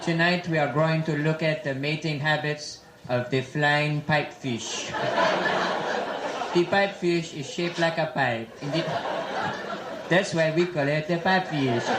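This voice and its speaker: A man doing a French-accented impression of an undersea explorer, narrating slowly and solemnly during a stand-up set. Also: on the high side, voice pushed down, close to an everyday voice. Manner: solemn, slow documentary narration. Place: nightclub. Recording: echoey club, loud crowd and noise.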